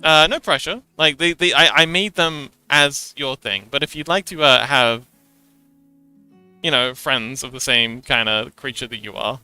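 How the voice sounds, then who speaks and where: A man's voice: mid-range voice, measured pace, pushed and bright, smooth, dry recording, soft background music. A man streaming live, chatting casually with viewers and reading chat aloud, with frequent stammered restarts and giggles.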